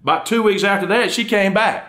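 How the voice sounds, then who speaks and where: A middle-aged man with a Southern drawl spins folksy stories about death on a live stage. He talks fast, with a slightly high voice. He switches between husband and wife as he tells each joke. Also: fairly bright tone. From Georgia, USA. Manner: folksy drawl, quick storytelling, acts out both spouses in dialogue. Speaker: comedian and undertaker. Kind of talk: live stand-up storytelling. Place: live stage before an audience.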